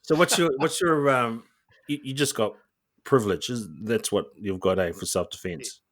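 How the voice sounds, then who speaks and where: A man's voice: mid-range voice, normal speed, a bit bright. A man co-hosting a casual podcast, teasing the others and singing little jingles. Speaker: podcast co-host. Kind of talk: casual chat.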